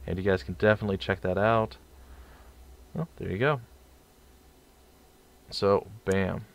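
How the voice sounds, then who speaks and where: Rambling man narrating gameplay, low voice. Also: measured pace, vocal fry. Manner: rambling, stumbling over words. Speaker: let's play host. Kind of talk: casual gameplay commentary.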